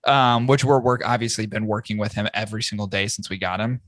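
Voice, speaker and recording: A podcast host with a lowish voice talks fast, recorded in studio quality with no room sound. In a casual chat he swears freely and tells stories with lots of energy, profane and animated throughout.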